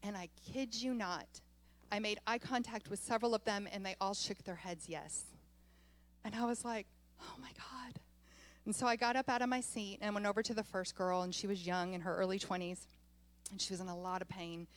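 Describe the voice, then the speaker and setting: A woman pastor delivers her sermon as a lively personal story. She talks with animation and slips into laughter often while she tells it. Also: medium pitch, a little fast.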